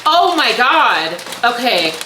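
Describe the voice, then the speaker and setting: Gushing woman book vlogger, slow and roomy. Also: fairly high pitch. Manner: gushing, excitable, laughs and gasps often. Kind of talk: casual unboxing vlog. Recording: echoey room with faint noise.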